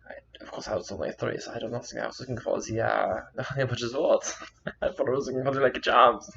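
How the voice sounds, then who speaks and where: A man telling a personal story to camera in a rambling, halting way, with many fillers and restarts. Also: medium pitch, steady tone, creaky, fairly bright tone, highs cut off, slight background noise. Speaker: vlogger.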